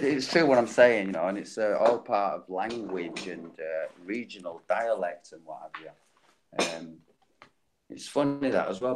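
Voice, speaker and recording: A man's voice: on the low side, noisy background. A man chatting casually on an online panel call, joking and imitating how others talk. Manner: chatty, jokey, mimics other people's speech. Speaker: panel guest. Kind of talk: casual group call chat.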